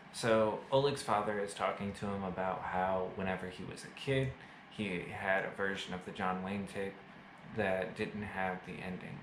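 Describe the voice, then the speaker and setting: Dude rambling about a movie w lots of "like", kinda low voice, echoey room. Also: male voice, noisy background. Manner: chatty, filler-heavy, self-mocking jokes. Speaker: movie reviewer. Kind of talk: casual video review. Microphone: camera mic.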